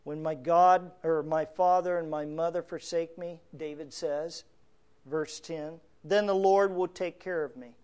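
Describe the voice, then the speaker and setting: An earnest male preacher with a high voice, reading scripture and explaining it line by line. He talks slowly and swells louder when the words turn emotional. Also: fairly even intonation, clean tone. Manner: earnest, reads scripture aloud and explains it verse by verse; swells louder and higher on emotional lines, drops soft on quiet ones. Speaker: pastor. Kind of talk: sermon.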